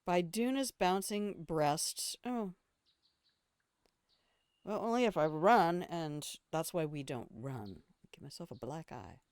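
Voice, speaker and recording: An older woman streaming a game talks in a smooth, clear voice that sits a little low for a woman. She is blunt and opinionated, swears without a second thought, and drifts from one rambling aside to another. The sound is close and dry, with no room echo. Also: expressive, takes it slowly, darkish tone. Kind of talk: casual gameplay commentary.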